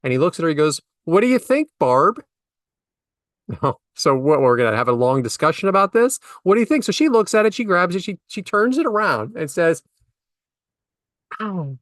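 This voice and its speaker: Middle-aged male co-host; animated, exasperated anecdotes, pitched high. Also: brisk, no echo, studio quality. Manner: animated, exasperated storytelling with big pitch jumps. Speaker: podcast co-host. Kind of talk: casual storytelling chat.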